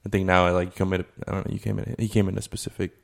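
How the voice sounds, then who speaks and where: Gravelly-voiced young man, loose casual talk. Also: low voice, flat delivery, very fast. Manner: loose, profane, filler-heavy talk with lots of "like". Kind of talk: casual chat.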